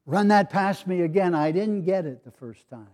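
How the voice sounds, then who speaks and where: This is an older man, a retired pastor, giving a sermon at a normal pace. His voice is high with lively intonation, and he spins gently funny anecdotes, voicing the people who appear in them.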